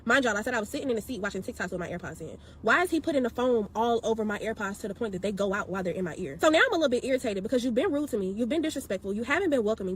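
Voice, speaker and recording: A woman retelling a bad experience in an animated, slangy, exasperated storytime style, acting out what people said. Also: on the high side, slight background noise. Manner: expressive, slangy, exasperated, acts out quotes. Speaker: storyteller vlogger.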